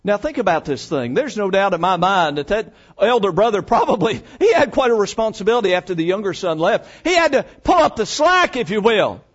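Animated preacher, high-pitched and folksy. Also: male voice, brisk, hardly any pauses, highs cut off. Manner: folksy, emphatic, swinging from loud to hushed. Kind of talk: sermon.

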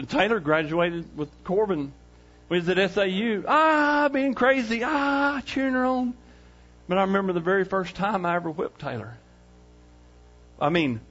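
Dynamic preacher with a dull, lo-fi sound. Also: male voice, on the high side. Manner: swings from loud and excited to quiet and hushed, with laughs. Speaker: pastor. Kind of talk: sermon.

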